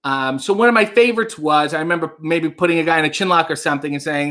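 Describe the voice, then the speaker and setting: A man's voice: on the high side, quick pace, sharp tone. A man hosting a casual livestream, telling rambling stories and reading out chat comments. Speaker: livestream host.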